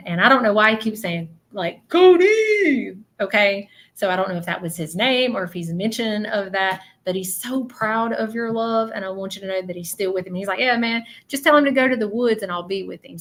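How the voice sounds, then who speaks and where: Woman, psychic medium, earnest livestream reading, mid-pitched. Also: a bit bright. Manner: earnest, repeats "okay?" often.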